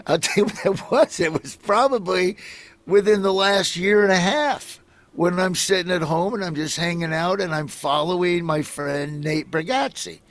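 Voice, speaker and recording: A man's voice: sits high, unhurried, a bit bright, dry recording. A middle-aged man from Nebraska, a comedian telling rambling stories in a casual interview, acting out other people as he goes.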